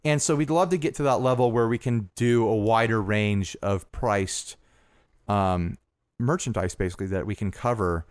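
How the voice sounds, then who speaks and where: A man's voice: on the low side, normal speed, no room sound. Earnest rambling man on a dry podcast mic. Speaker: podcast co-host. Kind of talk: casual podcast chat.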